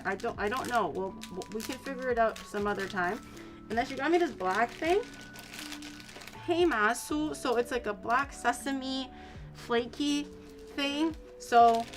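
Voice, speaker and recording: A woman's voice: a little high, fairly bright tone. A young woman streaming, rambling casually about her day with swearing and laughs. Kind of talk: casual chat.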